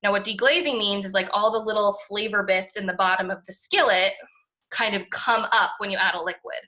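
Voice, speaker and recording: Enthusiastic and casual, a young podcast co-host talks fairly quickly, peppering her speech with fillers and the odd swear. Her voice is mid-range, bright and forceful.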